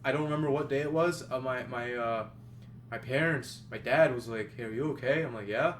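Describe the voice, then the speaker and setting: A man's voice: mid-range voice, normal speed, a bit bright, a little hiss or hum. A young man casually telling a story to friends on a podcast, full of fillers and restarts. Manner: rambling, many fillers and restarts. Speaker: podcast host.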